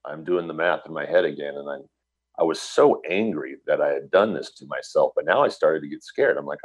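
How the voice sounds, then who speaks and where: This middle-aged man's very deep voice moves at normal speed as he recounts something from his own life in conversation. He tells it earnestly and vividly, quoting the dialogue as he goes, and the audio is dull and lo-fi.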